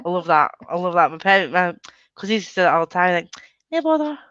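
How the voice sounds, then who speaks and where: A woman's voice: on the low side, fairly even intonation, quick pace, fairly bright tone, clear, resonant tone, no room sound, dull audio. A woman with an English Midlands accent, chatting casually and giggling often, playfully mimicking accents. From England. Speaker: booktube host. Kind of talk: casual video call chat.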